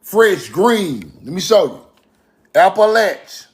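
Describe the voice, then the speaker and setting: This online history commentator has a high-pitched, very animated voice and a slow pace. Talking casually to viewers, he is emphatic and repetitive, often tossing out rhetorical questions like "right?"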